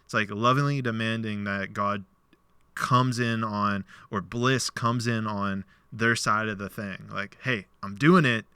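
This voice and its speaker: A man's voice: fairly low pitch, measured pace, clean tone, no echo. A man hosting a podcast, casually retelling a parable and acting out its dialogue in a loose, filler-heavy way. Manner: animated storyteller, acts out quoted dialogue; loose speech with many "like" fillers. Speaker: podcast host.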